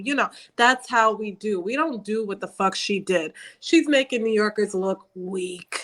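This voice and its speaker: A woman's voice: medium pitch, measured pace, few pauses. Blunt New woman on a podcast. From New York. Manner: blunt, profane, animated. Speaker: podcast cohost. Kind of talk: casual chat.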